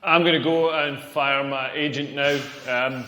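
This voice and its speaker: Deadpan stand-up comedian. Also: male voice, medium pitch, a little slow. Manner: deadpan, crude, self-mocking. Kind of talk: stand-up routine. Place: comedy club stage. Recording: echoey stage with long reverb.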